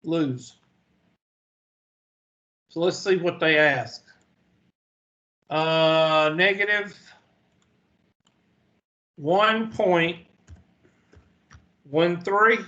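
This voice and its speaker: Slow folksy man teaching math. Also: a little high, fairly even intonation, sharp tone. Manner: folksy, joking asides, slow deliberate delivery. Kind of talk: classroom lecture. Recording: dull lo-fi classroom recording.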